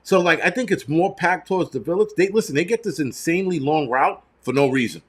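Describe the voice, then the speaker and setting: A middle-aged man hosts a casual livestream, answering viewers in a blunt, profane, rambling way. His voice is fairly high-pitched, expressive, and fairly quick.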